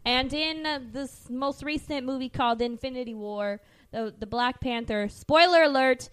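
A woman's voice: high-pitched, moderate pace, slight background noise. A woman co-hosting a casual film podcast, curious and playful, full of questions. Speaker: podcast co-host.

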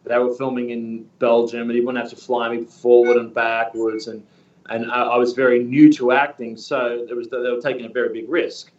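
A man in his thirties from Australia, a guest in a casual interview, talking in a rambling, relaxed way with many fillers. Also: medium pitch, fairly quick. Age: 30s. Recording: distant, echoey, muffled room sound.

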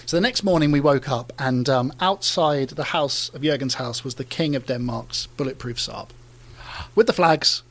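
A middle-aged Englishman, a car designer, telling stories in a casual interview, animated and often laughing, with frequent restarts. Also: mid-range voice, normal speed.

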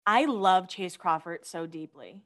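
A woman's voice: fairly low pitch, a little slow. A woman co-hosting a podcast, chatting casually and reading out celebrity gossip items with gushing asides. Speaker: podcast co-host.

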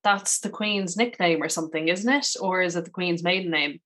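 A woman co-hosting a podcast, with a voice on the lower side. She tells celebrity gossip in an animated way, leaning on "like" as she goes. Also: brisk. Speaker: podcast co-host. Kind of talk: casual chat.

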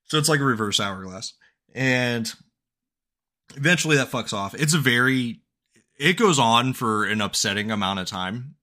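A man's voice: medium pitch, lively intonation, moderate pace, sharp tone. A man co-hosting a podcast who recaps a video game in casual chat, cursing freely and laughing often. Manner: profane, joking, laughs often. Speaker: podcast co-host.

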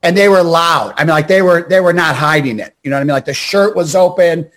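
A man in his sixties from Pennsylvania, a guest in a casual interview, telling stories in a rambling, animated way full of "you know what I mean.". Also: fairly high pitch, fast. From Scranton, Pennsylvania.

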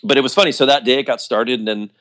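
A man telling a story about his old band in casual chat, acting out quotes in a higher voice, with lots of fillers. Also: steady tone, fast talker, fairly bright tone. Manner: loose and chatty, many fillers like "like" and "you know". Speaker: guest musician.

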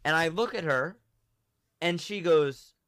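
A young man hosting a podcast, telling a story in a casual, animated way and acting out the quotes. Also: a little high, measured pace, no echo, studio quality. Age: young adult. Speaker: podcast host.

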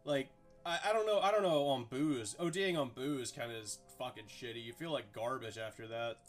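A man's voice: medium pitch, moderate pace, faint music behind. A young man hosting a casual podcast chat, rambling and profane, with lots of "like". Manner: rambling, profane, heavy filler "like". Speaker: host.

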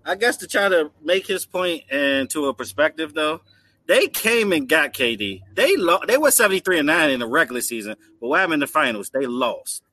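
A man's voice: a little high, very animated, a little fast, sharp tone, no room sound. A man in a heated sports debate, building his argument with pointed questions.

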